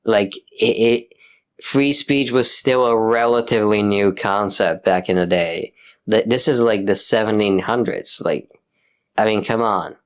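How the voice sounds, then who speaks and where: A man's voice: on the low side, a little slow. Profane ranting man, exasperated. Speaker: commentator. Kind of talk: casual rant.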